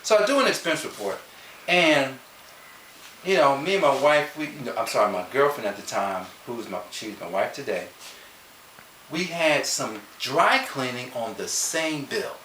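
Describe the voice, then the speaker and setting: Guy doing a motivational talk, bright voice jumping all over, kinda far off in an echoey room w a bit of hiss. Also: mid-range voice, normal speed. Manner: lively, conversational, questions the listeners directly. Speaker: motivational speaker. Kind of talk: animated personal storytelling to an audience. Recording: roomy sound from a distance with faint hiss.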